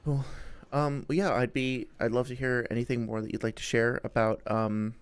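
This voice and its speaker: A man's voice: mid-range voice, level tone, moderate pace, clean tone, soft background music. Rambling, friendly young man chatting. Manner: rambling, friendly, many fillers and restarts. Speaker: streamer host. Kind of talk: casual chat with live chat.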